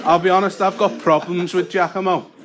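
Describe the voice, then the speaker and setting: A young man performs stand-up on a club stage in a slightly higher register than most men. He stays deadpan and flips into shouted impressions. The live recording carries clear background noise. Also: brisk. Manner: deadpan, acts out characters in shouted voices. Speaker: stand-up comedian. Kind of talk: stand-up comedy set. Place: comedy club with audience laughter. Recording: live gig with audible noise.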